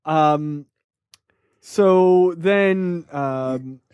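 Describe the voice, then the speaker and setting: High-voiced man telling a story. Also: very slow, clear, resonant tone, no room sound, highs cut off. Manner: profane, animated storytelling with many fillers. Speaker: podcast host. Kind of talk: casual chat.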